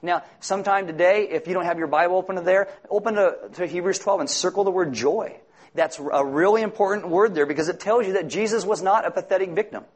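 A man's voice: high-pitched, fast. A man preaching a sermon, earnest and emphatic, quoting scripture as a pastor.

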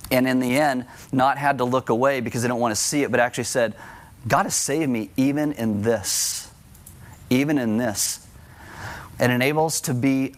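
A man preaching a sermon at a church service, speaking in an earnest, conversational way with light self-deprecating asides. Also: medium pitch. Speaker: pastor.

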